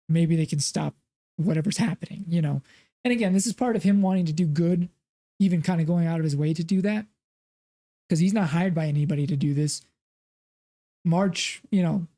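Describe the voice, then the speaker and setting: A man's voice: a little high, mellow. A man co-hosting a film podcast, retelling scenes in a rambling, casual way with lots of fillers. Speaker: podcast co-host. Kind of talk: casual film review chat.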